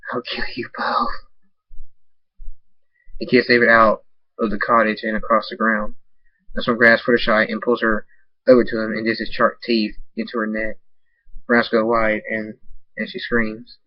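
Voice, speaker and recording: Husky man reading a story. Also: fairly low pitch, completely flat delivery, no echo. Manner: halting, with restarts. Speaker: fan fiction reader. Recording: dull dry lo-fi recording.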